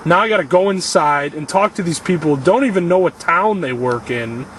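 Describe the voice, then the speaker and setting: A man's voice: fairly high pitch, lively intonation, fairly quick, fairly bright tone. A young man venting in a self-filmed vlog, frustrated and blaming himself, swearing often, recorded in a parking lot. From Illinois. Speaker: vlogger. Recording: distant mic with clear outdoor noise.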